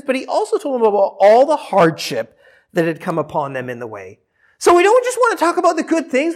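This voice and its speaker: A male preacher delivering a sermon in an animated storytelling manner. His voice sits fairly high for a man, and he often repeats and restarts phrases as he builds each point. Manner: animated storytelling, acting out quoted dialogue.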